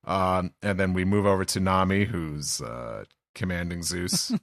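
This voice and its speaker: A man's voice: sits low, a little slow, no room sound, studio quality. A man hosting a podcast, casually recapping a comic chapter scene by scene, with frequent fillers and laughter. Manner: recaps scene by scene, reading quotes aloud with a raised voice. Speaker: podcast host.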